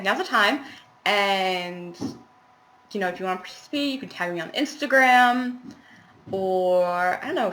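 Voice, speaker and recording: A woman's voice: medium pitch, fairly bright tone. Chatty young woman vlogging at home. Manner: chatty, rambling, laughing asides. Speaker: cross-stitch vlogger. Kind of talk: casual chat to camera. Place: small apartment at home.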